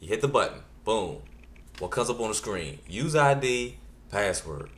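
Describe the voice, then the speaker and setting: A man telling a stand-up story in an animated, punchy way, with exasperated asides. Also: fairly low pitch, normal speed. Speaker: comedian.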